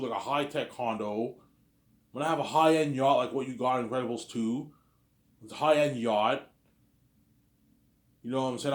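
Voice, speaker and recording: A man's voice: mid-range voice, a little mellow, echoey room. Boastful man rambling to his camera. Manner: boastful, repetitive, swears often. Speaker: vlogger. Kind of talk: rambling casual monologue to camera. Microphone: camera he sets up himself.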